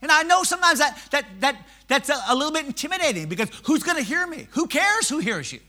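A male pastor preaching a sermon in church, swinging from shouted swells to hushed, quiet lines. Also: very high-pitched, big pitch swings, fast.

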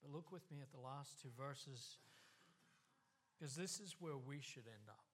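A man's voice: medium pitch, a little slow, slight background noise. A man preaching a sermon, passionate and earnest, with the voice rising and falling. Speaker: pastor.

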